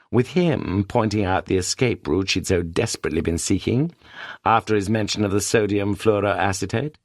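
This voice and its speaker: A man with a British accent reading a detective story as an audiobook narrator in a steady storytelling manner. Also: lowish voice, no echo, clean studio sound. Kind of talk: scripted narration.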